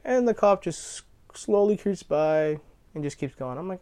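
A man's voice: fairly high pitch, lively intonation, fast, darkish tone. A young man casually telling a personal anecdote, rambling and correcting himself as he goes, cursing freely. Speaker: storyteller.

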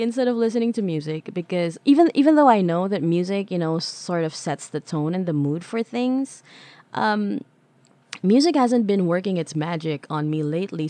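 A woman hosting a casual solo podcast, bubbly and rambling, chatting warmly to her listeners and asking herself their questions. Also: fairly low pitch, no room sound. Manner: bubbly, rambling, talks to listeners as "beautiful creatures". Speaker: podcast host.

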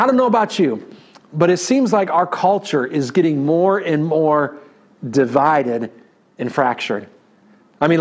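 A man in his thirties with a New York accent, preaching a sermon and telling a story in an animated way, often checking in with the congregation. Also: sits high. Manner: animated, talks to the audience with "right?". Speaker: pastor.

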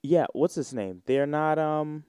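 Mellow-voiced young man riffing casually. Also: fairly high pitch, measured pace, clean tone, no room sound. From United States. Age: 20s. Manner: rambling, joking, slangy and irreverent. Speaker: podcast host. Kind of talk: casual solo podcast chat.

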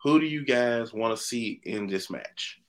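A man co-hosting a podcast in casual chat, animated and opinionated, often restarting his sentences. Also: mid-range voice, a little slow. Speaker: podcast co-host.

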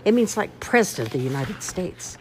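A woman's voice: on the low side, very animated, a little fast, a little mellow, a little hiss or hum, pitched above the performer's own voice. A woman voicing a blunt, scornful know-it-all boy in a storybook reading.

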